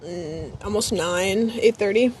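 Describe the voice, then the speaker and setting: A woman's voice: medium pitch, takes it slowly, darkish tone, husky. Chatty woman streaming from her phone. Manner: chatty, rambling, talks to her dog and chat. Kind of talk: casual live-stream chat. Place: home, outdoors by a grill.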